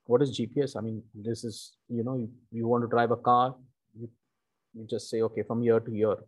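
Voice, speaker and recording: A man preaching a sermon, teaching slowly and emphatically with frequent "okay" and "you know". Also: medium pitch, level tone.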